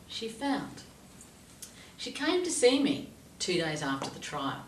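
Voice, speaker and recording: A woman working as a life coach, telling a story to camera in a lively, expressive way. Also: medium pitch, a little slow. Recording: roomy echo, voice from a distance.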